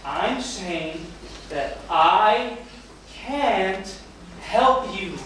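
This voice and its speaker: A man's voice: high voice, expressive, very slow, full character voice. A man playing a flustered, blustering bank official. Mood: exasperated. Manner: exasperated, blustering, shouting outbursts. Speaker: stage actor. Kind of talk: live stage comedy acting. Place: small theater stage. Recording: echoey theater from far off, noisy.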